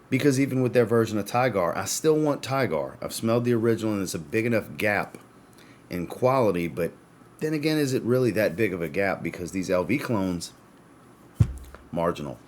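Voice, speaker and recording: A man's voice: on the low side, slight background noise. A man with the hiccups giving a chatty, casual fragrance review and talking to his viewers as guys. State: has the hiccups.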